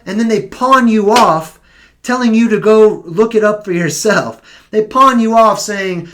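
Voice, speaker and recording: A live-streaming vlogger with a mid-range voice, talking straight to viewers in a casual, argumentative way. The delivery is emphatic and full of rhetorical questions. The speaker drags out key points slowly, then rushes ahead. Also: medium pitch, a bit bright.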